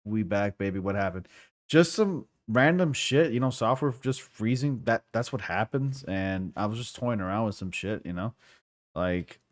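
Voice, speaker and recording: A male game streamer talking casually on a livestream, rambling and goofy. His voice sits a little low, and he is quick to apologize. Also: lively intonation.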